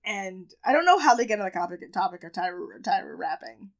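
A woman's voice: mid-range voice, big pitch swings, fairly quick, low-quality recording. A woman co-hosting a casual podcast, chatty and sarcastic, swearing freely as she recaps a show. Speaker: podcast co-host. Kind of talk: casual chat.

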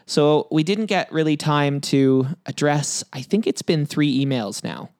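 A man's voice: fairly high pitch, measured pace, a little mellow, no echo, clean studio sound. A man co-hosting a podcast in casual, joking chat, rambling with plenty of fillers. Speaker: podcast co-host.

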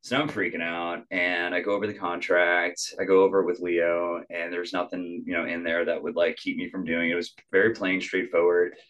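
Deep-voiced young man telling a story. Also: a little fast, few pauses, lo-fi sound. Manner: animated, acts out quotes, many "like" fillers. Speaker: podcast guest musician. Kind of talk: casual storytelling chat.

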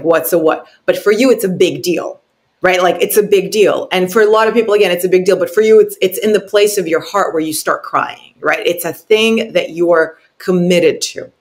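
A woman speaking as an intuitive coach in an interview, earnest and emphatic, often pausing to ask "right?" and repeating words as she searches for them. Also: lowish voice. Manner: keeps adding "right?" tag questions.

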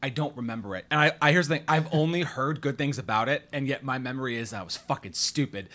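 A man hosting a casual film podcast, animated and self-deprecating, swearing freely. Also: medium pitch, fast talker. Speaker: podcast host.

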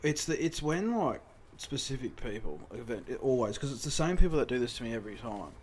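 A man's voice: mid-range voice, big pitch swings, fairly quick, a little hiss or hum. An Australian man in casual podcast chat, rambling about his early-morning routine and cursing freely. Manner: rambling, swears freely, gets loud when riled.

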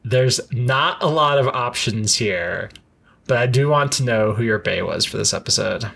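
A man's voice: medium pitch, lively intonation, normal speed, gravelly, a bit bright, breathy edge. A man co-hosting a podcast in casual chat, playful and laughing often. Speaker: podcast co-host.

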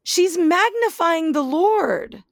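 A woman's voice: extremely high pitch, animated, takes it slowly, vocal fry, dry recording, clean studio sound. A woman preaching a sermon in an earnest, pleading way that builds to emphatic questions.

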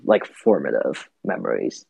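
A man's voice: a bass voice, big pitch swings, a little slow, gravelly, darkish tone, husky, no room sound. A man from Vietnam, a podcast guest, talking thoughtfully and hesitantly with many fillers and restarts, in dull lo-fi audio. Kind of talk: reflective podcast conversation.

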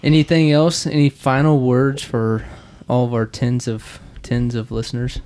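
A man with a Midwestern American accent hosts a casual podcast, gently prompting his young son and chuckling often. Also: mid-range voice, level tone, normal speed. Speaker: podcast host.

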